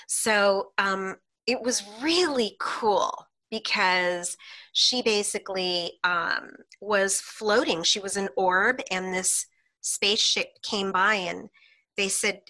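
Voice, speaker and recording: A woman guest, a hypnotherapist, telling client stories in an animated way on a podcast and laughing often between lines. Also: mid-range voice, takes it slowly. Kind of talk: podcast interview storytelling.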